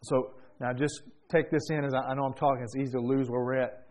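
A man preaching a sermon, telling a story quietly and then rising into loud, fervent praise. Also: medium pitch, little pitch movement, fast talker.

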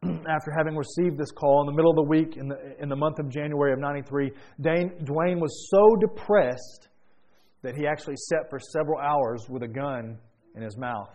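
Man, preacher, slightly high voice, storytelling sermon, climbs to fervent praise. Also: moderate pace, darkish tone.

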